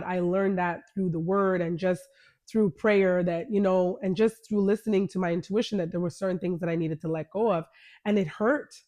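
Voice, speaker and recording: A woman's voice: on the low side, a little mellow. A woman hosting her podcast, candidly telling a personal story in a conversational way and retelling the dialogue. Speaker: podcast host.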